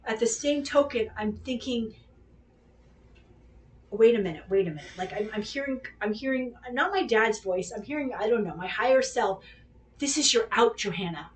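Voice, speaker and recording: A woman with a slightly high voice tells a personal story in loose, rambling chat. She is candid and swears freely, acting out what each person said. She sits a bit back from the microphone, so her voice sounds slightly distant. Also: normal speed. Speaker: podcast host.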